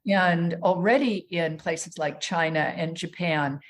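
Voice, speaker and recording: A woman's voice: lowish voice, unhurried, a little hiss or hum. A woman guest on a wine podcast, talking thoughtfully with many fillers and restarts. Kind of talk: casual podcast interview.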